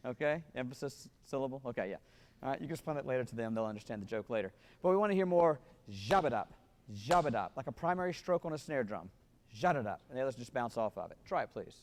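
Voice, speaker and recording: Fast-talking gravelly band clinician. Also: male voice, mid-range voice, animated, darkish tone, long reverb tail. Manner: sings rhythms with syllables, counts off the band. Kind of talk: rehearsing a wind band.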